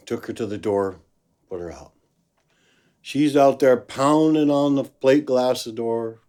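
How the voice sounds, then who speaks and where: Speaking at normal speed in a medium-pitched voice, this man is a blues musician casually recounting a story. He animates it by performing the voices of its characters.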